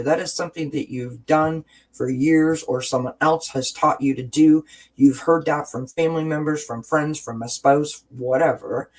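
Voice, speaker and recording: A woman's voice: deep voice, a little mellow. A woman hosting a casual livestream, reading viewer comments and talking through self-help ideas with frequent restarts and tag questions.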